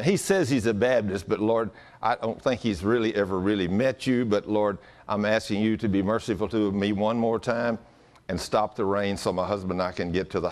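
A man's voice: on the low side, pitched below the performer's own voice, lightly acted. A man voicing a devout wife who earnestly pleads with God in prayer.

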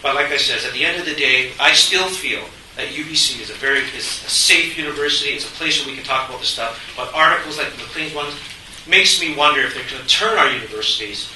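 A middle-aged man, a panelist at a university forum, talking in an animated, joking, conversational way. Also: fairly high pitch, quick pace, recorded from a distance. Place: university lecture hall. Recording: echoey hall from afar, faint hiss.

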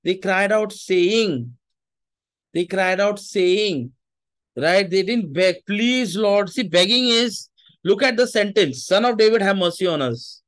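A man's voice: sits high, animated, unhurried, a bit bright. A man preaching a sermon, emphatic and repeating his phrases, with Hindi asides.

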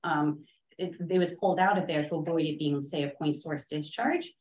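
Brief: low-pitched woman consultant, measured and technical, echoey meeting room. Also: a little mellow. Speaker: consultant presenting to a town board. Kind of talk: public meeting discussion.

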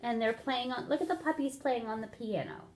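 A woman reading a picture book aloud to children, pausing to count along and ask them questions. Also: on the high side, expressive, noisy background. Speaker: storyteller for children.

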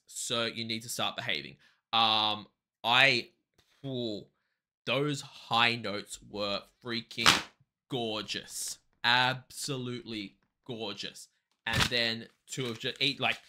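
A man's voice: mid-range voice, bright, forceful tone. A man hosting a music reaction video, gushing in exaggerated, playfully scolding casual commentary.

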